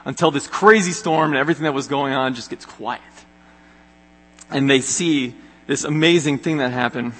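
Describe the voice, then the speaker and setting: A young man gives an earnest, conversational youth sermon with plenty of ums and uhs. His voice is bright and forward, and it rings out in a hall with long reverb. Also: medium pitch, normal speed. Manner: earnest, conversational, many fillers. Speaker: youth pastor.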